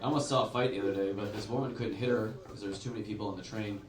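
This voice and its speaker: A man doing a stand-up set in a comedy club, telling animated stories and acting out the people in them. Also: on the low side, very fast. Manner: animated, storytelling, acts out voices. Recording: roomy club recording from a distance, loud crowd.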